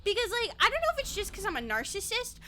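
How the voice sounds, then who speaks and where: A woman's voice: very high voice, huge pitch swings, fast, bright, forceful tone, a little hiss or hum. A woman VTuber streamer chatting casually while gaming, rambling, laughing a lot and swearing freely.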